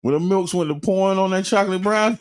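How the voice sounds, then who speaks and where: A man's voice: sits high, quick pace. A man co-hosting a casual radio talk show, speaking emphatically, repeating himself and laughing. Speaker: co-host. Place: radio studio.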